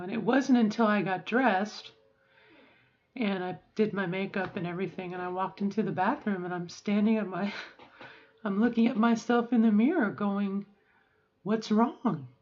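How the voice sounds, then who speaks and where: A middle-aged woman talks through a personal video diary in a reflective, halting voice, pausing often and circling back on her words. Her voice sounds a little strained and sore, and her pitch sits in an ordinary middle range. The audio is slightly dull and lo-fi. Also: darkish tone. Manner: reflective, halting, with frequent fillers and restarts. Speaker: vlogger. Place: at home.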